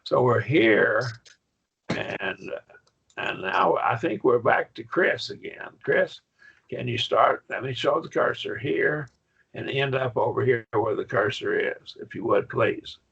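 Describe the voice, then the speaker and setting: A man's voice: medium pitch, animated, slow pace, gravelly, a bit bright, slightly rough. A man teaching a college-level Greek Bible class, explaining step by step with enthusiasm. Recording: muffled lo-fi class recording.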